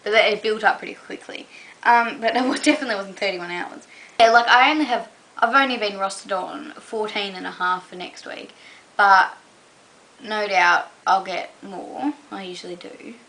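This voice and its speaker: Bright chatty young Australian woman. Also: mid-range voice, normal speed, low-quality recording. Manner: rambling, full of "um" and "like". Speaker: vlogger. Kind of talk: casual chat to camera.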